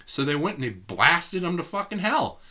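A man's voice: fairly high pitch, very animated, normal speed, pushed and bright. A man co-hosting a podcast in casual banter, swearing freely and jumping into mocking voices. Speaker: podcast co-host.

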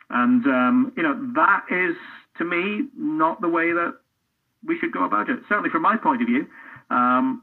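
Over tinny phone-line audio, a middle-aged Scottish football commentator talks in an interview. His medium-pitched voice has a breathy edge, and he speaks earnestly and reflectively in a casual way, often restarting sentences.

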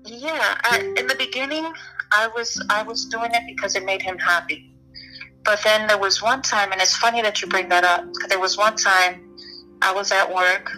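Bright-voiced young woman telling her story. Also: medium pitch, low-quality recording. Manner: candid, halting, many restarts and "you know". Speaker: guest. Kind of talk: personal story in an interview.

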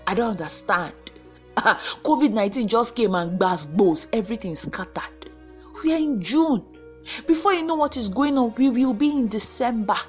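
A woman's voice: a little high, lively intonation, moderate pace, soft background music. A woman with a Nigerian accent giving a preachy motivational faith talk to her viewers, acting out quoted voices as she goes. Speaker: motivational vlogger.

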